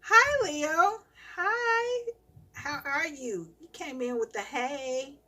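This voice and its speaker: A mother live-streaming, telling animated stories about her children in a casual rant and laughing often. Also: high-pitched, takes it slowly.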